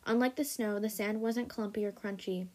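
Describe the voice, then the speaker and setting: A woman hosting a story podcast, reading a story aloud in a steady, even way. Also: mid-range voice, moderate pace.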